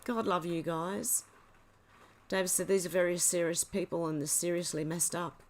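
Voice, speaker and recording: A woman's voice: lowish voice, fairly even intonation, normal speed. Chatty woman reading comments. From Australia. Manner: chatty, reads comments aloud, laughs often. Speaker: livestream host. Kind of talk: casual livestream chat reading out viewer comments.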